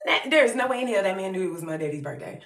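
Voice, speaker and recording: A woman's voice: mid-range voice, lively intonation, quick pace, far from the mic. A woman vlogging candidly at home, talking in a blunt, profane, self-mocking way that keeps joking through grief. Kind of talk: candid personal vlog. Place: her home, moving between rooms. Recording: roomy echo, off from the mic.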